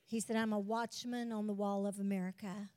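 A woman in her sixties, a missionary preacher, telling her testimony in a lively, folksy way from a church stage. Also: medium pitch, a little fast, in a large hall. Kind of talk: sermon testimony. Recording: live church sound with music behind.

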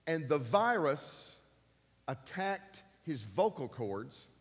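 Pastor in his fifties, emphatic and repetitive, with a fairly high voice and long church-hall reverb. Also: sing-song, slow. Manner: emphatic, repeats key phrases, rising to loud peaks. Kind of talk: sermon.

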